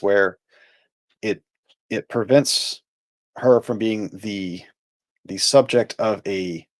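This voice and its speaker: A man co-hosting a podcast, chatting casually and reading an episode recap, with thoughtful, halting restarts. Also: lowish voice, darkish tone. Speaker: podcast co-host.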